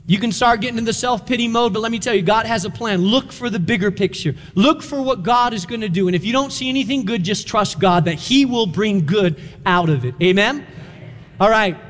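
High-voiced male pastor preaching emphatically. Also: a little fast, long reverb tail. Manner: emphatic, animated preaching with dramatized quotes. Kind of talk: sermon.

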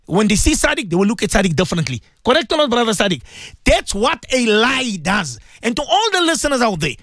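A man's voice: sits high, big pitch swings, fast talker, fairly bright tone, dry recording, clean studio sound. A man telling a story on a religious radio talk show, repeating himself and mixing in Arabic and Urdu phrases. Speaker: radio guest speaker.

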